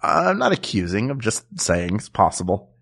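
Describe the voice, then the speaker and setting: A man's voice: fairly low pitch, very animated, moderate pace, creaky, fairly bright tone, breathy edge. A man co-hosting a comedy podcast in casual chat, easygoing, laughing often and restarting his sentences. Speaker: podcast co-host.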